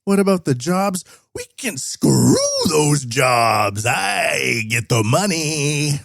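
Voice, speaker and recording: Man doing a pushy scoffing boss, pitched way up, jeering, dry close sound. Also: lively intonation, slow pace, gravelly, fairly bright tone, no echo, heavily acted. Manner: mocking caricature, high and pushy. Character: brash dismissive male factory boss.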